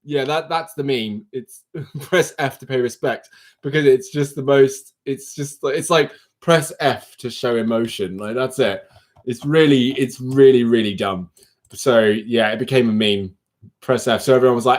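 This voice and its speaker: A man's voice: medium pitch, a little slow. Giggly, rambling male stream host. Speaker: livestream host. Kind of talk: casual chat.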